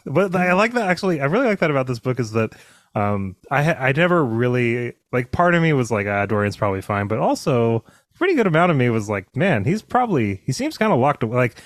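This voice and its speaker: A man co-hosting a casual book discussion, rambling with lots of fillers and restarts and slipping into animated impressions of characters. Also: mid-range voice, quick pace, no room sound, studio quality. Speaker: podcast co-host.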